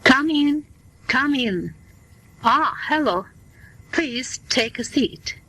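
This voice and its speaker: A woman's voice: fairly high pitch, expressive, sharp tone, breathy edge, dry recording, exaggerated voice, poor audio. A woman reading as a kindly family doctor. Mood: reassuring. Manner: slow, plain reading voice. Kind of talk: scripted dialogue for learners.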